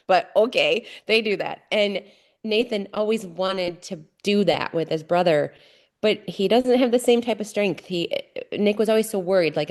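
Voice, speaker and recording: A woman in her forties, a podcast guest telling family stories in casual conversation with frequent laughs. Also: fairly low pitch. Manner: warm storytelling with frequent laughs.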